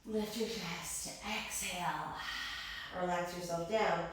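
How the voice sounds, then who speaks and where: A woman's voice: on the low side, fairly even intonation, slow, far from the mic. A woman guiding yoga in an echoey room. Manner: encouraging cues, breath counting. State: a little out of breath. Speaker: yoga instructor. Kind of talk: guided yoga class.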